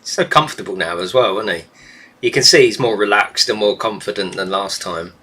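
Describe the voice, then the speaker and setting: A man's voice: brisk, sharp tone, husky. A man chatting casually on a live stream from his desk at home, rambling and chatty. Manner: rambling, chatty, breaks into high coo when talking to his pet bird. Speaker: gaming YouTuber. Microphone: desk microphone.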